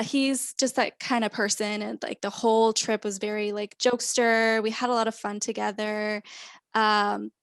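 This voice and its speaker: A woman's voice: on the high side, no echo. A woman guesting on a podcast, telling stories in an easygoing, chatty way. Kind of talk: casual conversational storytelling.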